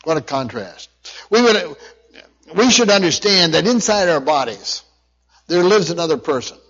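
A man's voice: a little high, sing-song, normal speed, a bit bright. A man preaching a sermon, reading scripture aloud and repeating key phrases earnestly. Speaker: pastor. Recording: dull lo-fi recording.

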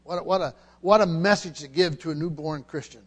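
Male pastor, high-pitched, emphatic expository preacher who repeats phrases; long hall reverb. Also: a little fast, husky. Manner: emphatic, repeats key phrases, frequent restarts. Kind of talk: expository sermon.

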